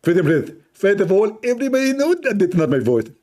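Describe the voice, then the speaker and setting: A man doing a mocking impression of a male Muslim preacher, indignant and raised in pitch. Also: big pitch swings, a little fast, warm tone.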